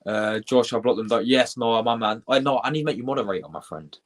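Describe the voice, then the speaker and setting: A young British man hosting a live football reaction stream, chatty and excitable, swearing and shouting out viewers in his chat. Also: mid-range voice, quick pace. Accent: British English. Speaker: football livestream host.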